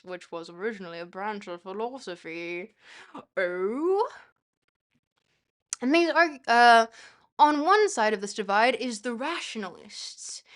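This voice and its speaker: A woman's voice: high-pitched, a bit bright. A young woman streaming a casual philosophy lesson, reading a text aloud and breaking off to giggle and thank her chat.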